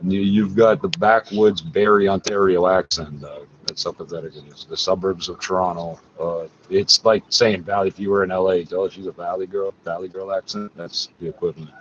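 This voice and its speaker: A man with a lowish voice rants on and on, swearing and agitated, and drifts from point to point as an internet radio host. The recording is dull and lo-fi, with a faint hiss of background noise. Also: level tone, a little fast, hardly any pauses. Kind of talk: profane rambling monologue.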